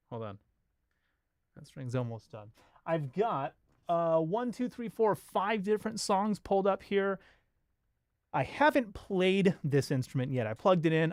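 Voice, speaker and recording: A chatty man talks in a casual, apologetic way while he works with his hands. His voice sits a little high for a man and is recorded dry and close. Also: no room sound. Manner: chatty, apologetic, thinking aloud while working. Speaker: host of a bass review channel. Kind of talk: casual chat while stringing a bass.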